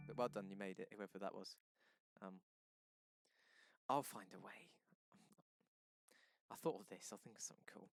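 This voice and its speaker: A man's voice: on the low side, moderate pace, gravelly, pauses often, soft background music. A male teacher running a live-streamed remote lesson, quizzing the class and answering his own questions, often correcting himself mid-sentence.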